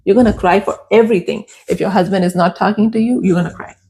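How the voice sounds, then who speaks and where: A woman's voice: medium pitch, steady tone, fast talker, darkish tone, slight background noise. A young adult woman, a podcast guest, telling her personal story candidly and emotionally, repeating phrases for emphasis.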